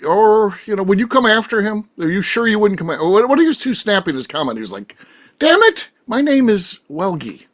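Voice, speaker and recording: A man's voice: sits high, very animated, fast talker, hardly any pauses. A man hosting a casual talk show, chatty and teasing, often trailing off into fillers. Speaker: podcast host. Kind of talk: casual chat.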